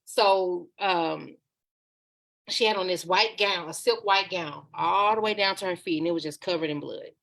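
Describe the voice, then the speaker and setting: A woman appearing as a podcast guest shares a personal story candidly and conversationally, slipping into acted quotes. Her voice is lowish, creaky and a bit bright, at a moderate pace.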